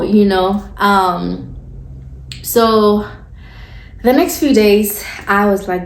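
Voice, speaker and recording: A woman's voice: mid-range voice, takes it slowly, long pauses. A woman who works as an esthetician, sharing a personal faith testimony in a candid, conversational way with informal phrasing. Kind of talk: personal testimony, casual storytelling. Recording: echoey room.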